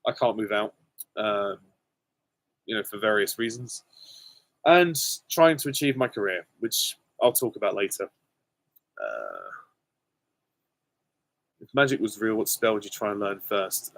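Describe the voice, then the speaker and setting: A young British man hosting a live viewer Q and A, answering casually and candidly with many pauses and ums. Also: lowish voice, expressive, creaky, fairly bright tone, no echo. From Britain. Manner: hesitant, many ums, candid and self-deprecating. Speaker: channel host answering viewer questions.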